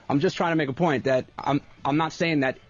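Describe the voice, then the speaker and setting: A man's voice: fairly high pitch, moderate pace. A man who co-hosts a radio show and does stand-up, pushing back in a defensive, insistent way. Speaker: radio co-host and comedian. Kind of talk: on-air argument. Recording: muffled radio broadcast with faint music.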